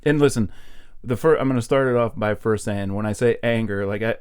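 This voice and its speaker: A man's voice: fairly low pitch, brisk, darkish tone, smooth. A middle-aged man co-hosting a home-recorded podcast, chatting casually and laughing at himself as he rambles. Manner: rambling, self-mocking, laughs often. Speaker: podcast co-host. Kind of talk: casual chat.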